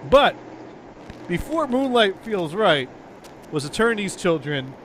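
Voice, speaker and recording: A man's voice: high voice, very animated, slow, long pauses, over music. A man hosting a casual radio show, chatting about old records with a rambling manner, often repeating words and chuckling.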